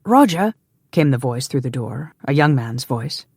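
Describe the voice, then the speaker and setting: A woman narrating a historical romance audiobook in a measured way, going hushed in the intimate passages. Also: very deep voice, fairly even intonation, slightly rough, no echo, clean studio sound. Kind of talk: scripted narration.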